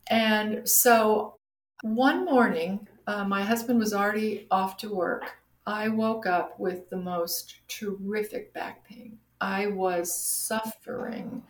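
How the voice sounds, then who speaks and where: A middle-aged woman telling her personal story in a casual interview, animated and acting out the voices of people she quotes. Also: medium pitch, takes it slowly. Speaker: guest sharing her story. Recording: roomy echo.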